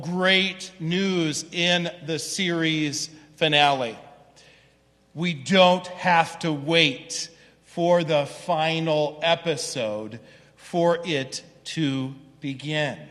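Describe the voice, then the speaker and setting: A male pastor delivers a sermon in a church. His voice sits high and bright, and he keeps it slow and conversational, tossing in "right?" as he goes. His words ring out with a long hall reverb behind them. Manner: conversational preaching with frequent "right?" asides. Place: church sanctuary.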